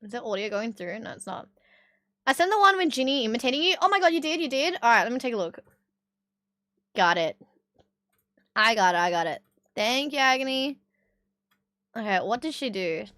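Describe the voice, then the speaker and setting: An Australian woman chats with her live-stream viewers in a casual, rambling way, with plenty of swearing and laughter. Her voice sits high, and the sound is dry and close with no room echo. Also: big pitch swings, fairly quick, pauses often, pushed and bright. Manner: swears freely, chatty, laughs often.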